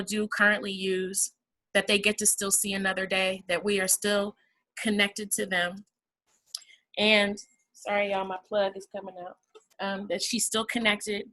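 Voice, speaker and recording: On a video call, a woman with a sharp, medium-pitched voice hosts a housing nonprofit's virtual fundraiser. Calling the audience y'all, she talks in a relaxed, sincere way, though the sound quality is poor.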